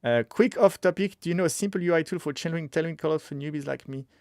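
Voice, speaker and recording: A man hosting a casual live coding stream, talking excitably and thinking aloud with frequent restarts. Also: on the high side, fast talker, dry recording, clean studio sound. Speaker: streamer teaching web development.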